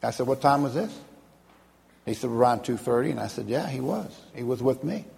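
Storytelling preacher in an echoing hall. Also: male voice, mid-range voice, lively intonation, a little fast, creaky, darkish tone. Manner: storytelling, acting out voices of people in the story. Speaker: pastor. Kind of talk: sermon. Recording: long hall reverb.

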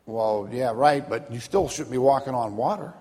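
Storytelling preacher in an echoing hall. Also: male voice, medium pitch, moderate pace, darkish tone. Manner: storytelling, acting out voices of people in the story. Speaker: pastor. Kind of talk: sermon. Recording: long hall reverb.

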